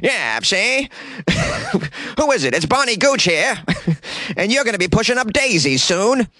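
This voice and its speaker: A man's voice: sing-song, unhurried, bright, forceful tone, dry recording, clean studio sound, full character voice. A man voicing an elderly woman bank robber who talks old-time gangster lingo and apologizes politely. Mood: tough gangster. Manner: old-time gangster lingo, high squeaky put-on pitch.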